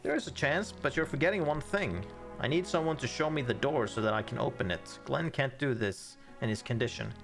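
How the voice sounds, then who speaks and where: A man's voice: fairly quick, creaky, natural voice. Man reading aloud as a mind-reading mystic woman. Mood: intrigued. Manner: reads game dialogue aloud, raised pitch. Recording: faint game music behind.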